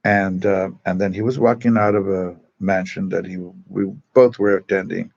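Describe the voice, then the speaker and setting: A man's voice: deep voice, flat delivery, normal speed, gravelly, darkish tone, lo-fi sound. A man, a Catholic priest, telling stories to a parish group in a chatty, digressive way with many asides, speaking in a church. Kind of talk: casual storytelling talk to a parish group.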